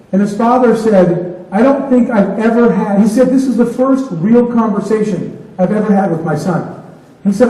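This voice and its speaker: A man with a high, mellow voice tells a motivational story to an audience, acting out both sides of a conversation. He sounds far from the mic, in a big echoing hall with a long reverb. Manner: retells conversations in dialogue. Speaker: keynote speaker.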